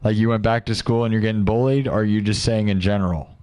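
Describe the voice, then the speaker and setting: A man's voice: fairly low pitch, fairly even intonation, fast, a little mellow. A young man hosting a livestream, chatting casually and joking while he reads out viewer comments, rambling and firing off rhetorical questions. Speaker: livestream host.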